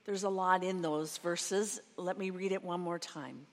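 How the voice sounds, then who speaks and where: A woman preaching a sermon in a slow, reflective way, reading a passage and then going over it again. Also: on the low side, fairly even intonation. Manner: slow, reflective, reads a quoted passage twice. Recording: long reverb of a large hall.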